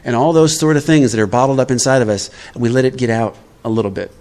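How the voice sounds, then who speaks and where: A man's voice: mid-range voice, fast talker, darkish tone. Conversational man leading a workshop. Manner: conversational, checks in with "all right?". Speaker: recovery workshop speaker. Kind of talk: recovery workshop talk. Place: live workshop.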